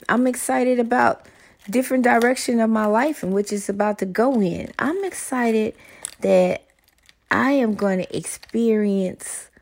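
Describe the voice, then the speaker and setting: A middle-aged woman vlogging to her viewers in a blunt, profane, excitable monologue. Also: mid-range voice.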